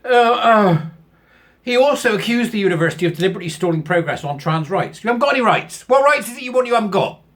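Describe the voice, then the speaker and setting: A man's voice: high-pitched, animated, racing, fairly bright tone. A man, reading out a news article and mocking it sarcastically, laughing often at his own jokes. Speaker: commentary channel host.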